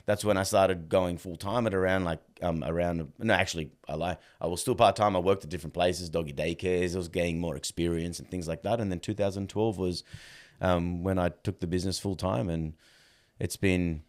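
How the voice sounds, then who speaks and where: Guy in his thirties, very deep voice, chatty guest who re-enacts conversations, lots of "bro". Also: fairly quick. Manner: animated, acts out dialogue, fills with "like" and "bro". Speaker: podcast guest. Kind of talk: casual storytelling.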